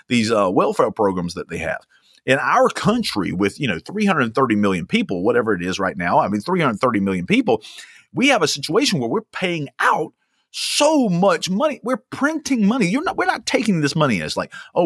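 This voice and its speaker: A man's voice: mid-range voice, a bit bright, husky, no echo, clean studio sound. A young man preaching a sermon as a pastor, emphatic and fond of repeating lines for stress. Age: young adult.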